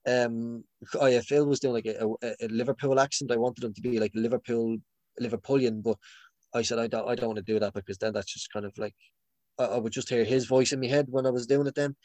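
In a dry recording, a young man with a mid-range, darkish voice chats casually. He rambles with plenty of fillers and restarts, laughing frequently along the way.

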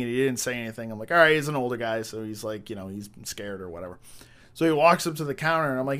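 A man's voice: medium pitch, expressive, racing, a bit bright. Swearing man telling rowdy stories. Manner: profane, rambling anecdotes with restarts. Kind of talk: casual storytelling.

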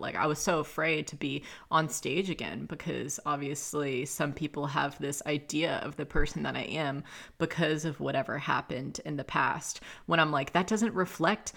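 Low, gravelly-voiced woman podcaster. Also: a bit bright. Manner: swears often, chatty, acts out quotes. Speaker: podcast host. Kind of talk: casual solo podcast monologue.

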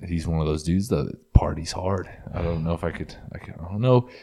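Husky low-voiced guy joking around. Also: a little fast, mellow. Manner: joking, swears a lot, says "like" often. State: hungover. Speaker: podcast co-host. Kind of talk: casual banter.

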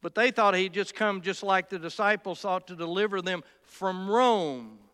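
A man preaches with impassioned fervor, his smooth, resonant voice rising high whenever he hammers a point home. He often halts and restarts his phrases as the message builds. The sound rings with the long reverb of a large hall. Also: moderate pace, sharp tone. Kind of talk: sermon.

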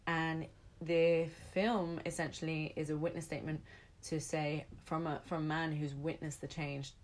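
A woman's voice: sits low, flat delivery, normal speed, a little hiss or hum. A young woman from England talking animatedly as a podcast guest, laughing often and swearing casually. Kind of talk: casual chat.

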